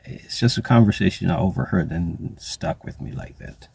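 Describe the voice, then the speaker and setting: Man, very deep, gravelly, slow and deliberate, dry close sound. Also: darkish tone, no echo. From South Africa. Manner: slow, deliberate, with drawn-out mocking asides. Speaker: commentator. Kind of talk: spoken social commentary monologue.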